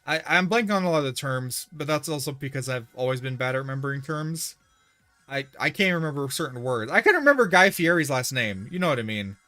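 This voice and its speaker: A man streaming a video game live, chatting casually in a rambling, excitable way with frequent restarts. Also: on the high side, a little fast, faint music behind. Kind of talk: casual livestream chat while gaming.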